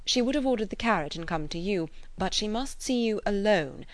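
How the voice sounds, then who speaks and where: A woman voicing an earnest middle-aged gentleman who keeps a secret, speaking gravely and in a hushed, hurried way. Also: medium pitch, lively intonation, no echo, lightly acted.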